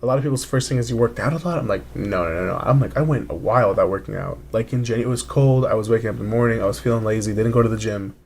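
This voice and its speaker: A man's voice: lowish voice, very fast, gravelly, hardly any pauses, darkish tone. A young man in his twenties, a guest in a casual interview, telling his story with energy and acting out other people's lines. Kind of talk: casual conversation. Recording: faint background noise.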